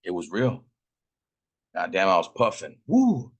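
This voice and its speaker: A man's voice: low voice, measured pace, a bit bright. A middle-aged man from Fresno, California, telling stories casually while smoking, profane, boastful and full of slang. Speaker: host.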